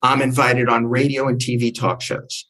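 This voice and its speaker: An older man with a slightly husky, breathy voice tells his stories with relish. He slips into the voices of the people he quotes, jumping up in pitch to play them out. His pitch sits in the middle range for a man. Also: flat delivery, normal speed, sharp tone, low-quality recording. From New Jersey. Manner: acts out quoted voices with big pitch jumps. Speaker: guest storyteller. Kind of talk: animated anecdotal storytelling.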